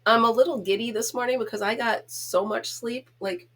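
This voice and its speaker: A woman's voice: on the high side, fairly even intonation, normal speed, a bit bright. Middle-aged woman, vlog host, casual chat at home, giggly, chatty, laughs at herself. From United States. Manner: chatty, giggly, self-teasing.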